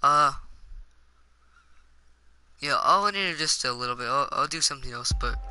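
Rambling, excitable male game streamer. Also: mid-range voice, normal speed, a little hiss or hum, low-quality recording. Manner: rambling, excitable, self-mocking. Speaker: gaming streamer. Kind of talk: live gameplay commentary. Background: loud game music.

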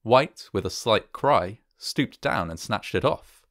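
A man reads a classic horror story aloud in a measured, steady way. His voice sits low. The recording is dry and close. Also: no room sound. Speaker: narrator.

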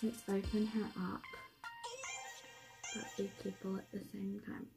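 A woman beauty vlogger talking casually through an unboxing, gushing, excitable and often giggling. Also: mid-range voice, a little slow, creaky. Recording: music playing under the voice.

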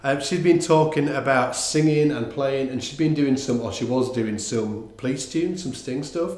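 A man giving a casual online bass lesson, talking in a relaxed, rambling way with lots of fillers and restarts. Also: moderate pace, roomy sound. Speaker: bass teacher. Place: room with instruments, bass played along.

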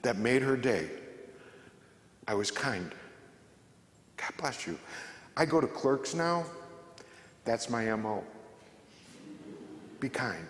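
A man speaks to a church congregation as a guest speaker, mixing jokes with stories told in a chatty, relaxed way. At times he sinks into a hushed, gentle delivery. His voice carries through a roomy hall with a long, ringing reverb. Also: mid-range voice, slow pace, long pauses, slight background noise. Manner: conversational, joking storyteller who drops to a soft, quiet delivery. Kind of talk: inspirational faith talk. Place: large church.

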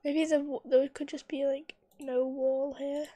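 A woman with a high voice streams a game, thinking aloud in loose, casual commentary. She mutters to herself and sometimes drops to a whisper. The recording is dry and close, with no room echo. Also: flat delivery, a little slow, warm tone.

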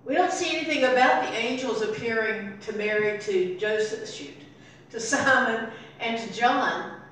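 An older woman preaching a sermon as pastor, telling the story and voicing its people softly. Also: on the high side, moderate pace, slight background noise. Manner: storytelling, acting out voices softly in quotes. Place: church sanctuary. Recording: very echoey room, voice from far off.

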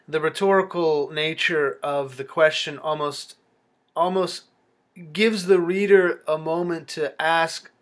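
A man delivers a close-reading lecture on a poem at an unhurried, deliberate pace. His voice sits a little high for a man. He speaks in a reflective, halting way, often pausing on fillers and restarting phrases. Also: fairly bright tone. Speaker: literature lecturer.

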